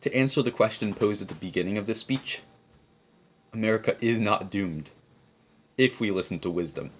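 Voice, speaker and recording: A man with a fairly low voice delivers a prepared, formal speech. His reading is measured and declarative, each point set down plainly. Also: a little hiss or hum. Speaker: speaker giving a prepared speech. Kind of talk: read-aloud formal speech.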